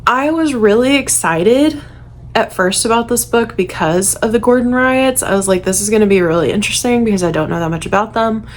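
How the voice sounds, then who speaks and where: A woman's voice: on the high side, brisk. A woman giving a frank, exasperated book review straight to camera, sighing now and then. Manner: frank, exasperated, sighs and laughs.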